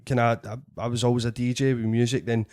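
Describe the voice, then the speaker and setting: A man with a Scottish accent, a podcast host and comedian, telling an animated story full of swearing in casual chat. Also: mid-range voice, fast talker. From Scotland.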